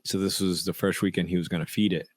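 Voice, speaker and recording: A man's voice: sits low, little pitch movement, quick pace, no echo. A man co-hosting a podcast, talking in a reflective, casual way, laughing often and restarting his sentences. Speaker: podcast co-host.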